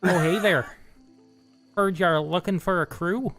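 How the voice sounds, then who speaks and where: A man's voice: high-pitched, a little slow, fairly bright tone, faint music behind, voice pushed up, exaggerated voice. A man voicing a nervous, bumbling male halfling deckhand with a put-on Canadian accent, stammering through ums and uhs. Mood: flustered.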